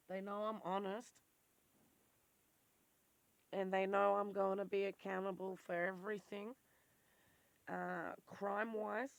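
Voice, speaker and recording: A gravelly yet smooth, worn voice belongs to an Australian vlogger in their forties who rambles bluntly and intensely through a candid personal monologue, swearing freely. When they get worked up, the voice goes squeaky. The recording is dry.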